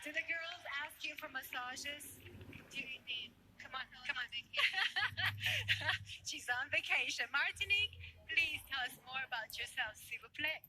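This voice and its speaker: A woman's voice: high voice, unhurried, sharp tone, slight background noise, poor audio. A woman hosting a live beauty pageant on stage, playful and teasing as she switches between languages. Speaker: pageant host.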